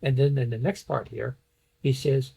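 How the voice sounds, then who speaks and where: A man with a husky, breathy voice at a middle pitch leads a Bible study lesson. He walks through a passage on slides point by point and reads verses aloud as he explains them. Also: steady tone, normal speed, dark tone, low-quality recording. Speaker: Bible teacher.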